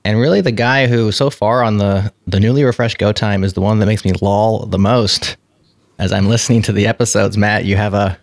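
A man's voice: lowish voice, steady tone, brisk, dry recording. A man hosting a podcast, chatting in a rambling, friendly way that often corrects itself. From United States. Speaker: podcast host. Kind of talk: casual chat.

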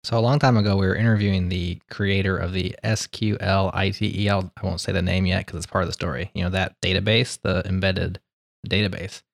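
A man hosting a podcast, telling stories in a casual, animated, joking way. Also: sits low, vocal fry, no room sound, clean studio sound. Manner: animated storyteller, quick and joking. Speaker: podcast host. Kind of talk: casual panel chat.

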